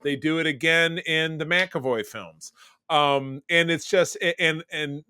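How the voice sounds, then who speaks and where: A man's voice: a little high, a little slow, bright, forceful tone, smooth. A man co-hosting a podcast, chatting casually about a film, rambling and restarting his sentences. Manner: rambling, self-interrupting, trails into summaries. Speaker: podcast co-host. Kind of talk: casual movie discussion.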